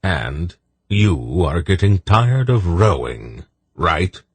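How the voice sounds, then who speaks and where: A man voicing a gruff, sarcastic old sorcerer in an audiobook. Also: extremely low pitch, sing-song, slow pace, no echo, exaggerated voice. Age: older.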